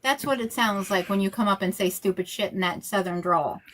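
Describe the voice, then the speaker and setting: A woman rabbi co-hosting a casual chat, sardonic, with quick comebacks and Yiddish slang. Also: medium pitch, a bit bright, a little hiss or hum. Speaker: rabbi and co-host.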